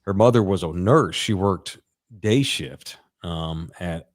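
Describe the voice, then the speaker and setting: A man's voice: low-pitched, slow. A man in his forties, a podcast co-host, telling a long crude anecdote in a casual, rambling way with plenty of profanity. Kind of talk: casual sports podcast storytelling.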